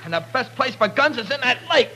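An actor playing a scrappy, cocky young tough with gravelly street slang, in 1940s radio acting on an old radio recording. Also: male voice, very high voice, lively intonation, fast talker, background noise.

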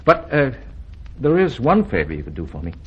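A man's voice: medium pitch, wildly swooping pitch, a little fast, breathy edge, muffled recording, heavily acted. A man playing a cocky wisecracking suitor. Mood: wry. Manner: breezy, wisecracking. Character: brash young male suitor, cocky and teasing.

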